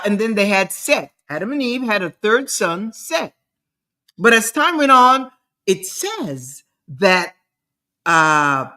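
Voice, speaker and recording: A middle-aged woman hosts her own show, talking in a loose, rambling monologue. She speaks slowly and unhurriedly, stumbling over repeated words as she drives her points home. Her voice has a bright, forceful edge. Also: mid-range voice. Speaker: show host. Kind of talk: casual monologue.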